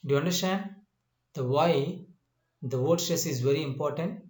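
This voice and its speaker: A male English teacher walking through a slide-based lesson in a slow, deliberate way, repeating his points and pausing often with "uh" and "you know.". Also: fairly high pitch, a little mellow. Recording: echoey room.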